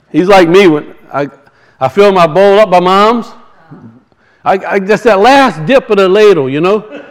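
A man's voice: high-pitched, animated, a little slow, long pauses, poor audio. A man preaching a sermon, telling folksy stories and reading scripture with rising emphasis. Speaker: pastor.

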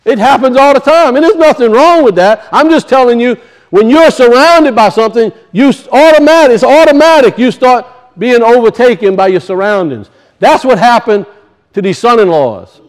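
High-voiced Cajun preacher. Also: male voice, animated, normal speed. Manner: emphatic, questions the congregation, folksy dialect grammar. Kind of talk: sermon.

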